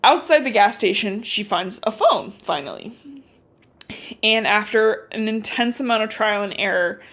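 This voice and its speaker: A woman hosting a podcast, recapping a book in casual, animated storytelling full of swearing and "like"s. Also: mid-range voice, normal speed. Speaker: podcast host.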